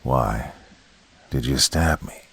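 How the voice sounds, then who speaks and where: A man voicing a vengeful male ghost with a gravelly, dark, demonic voice, speaking slowly and menacingly. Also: a bass voice, pitched below the performer's own voice, full character voice. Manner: slow, menacing.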